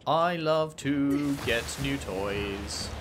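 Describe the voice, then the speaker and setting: A man's voice: mid-range voice, expressive, extremely slow, noisy background. A man giving casual let's-play commentary, chatty and playful, reading menus aloud and bantering with the game. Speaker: gaming commentator.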